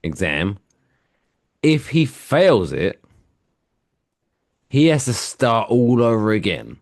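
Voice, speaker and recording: An English man in his forties, co-hosting a podcast in casual, profane, animated chat. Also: medium pitch, takes it slowly, dry recording, clean studio sound. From England. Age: 40s. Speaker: podcast co-host.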